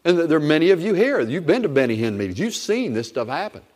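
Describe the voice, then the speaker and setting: A man's voice: fairly high pitch, very animated, fast talker, a little mellow. A middle-aged man preaching a sermon as pastor, emphatic and repetitive, exhorting his congregation. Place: church sanctuary. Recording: long reverb of a church hall.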